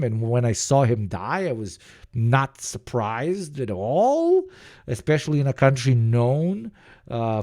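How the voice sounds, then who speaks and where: A man's voice: medium pitch, a little mellow. Young male streamer, loose profane reaction talk, keeps restarting and laughing. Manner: rambling, profane, laughs often, restarts a lot. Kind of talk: casual reaction commentary.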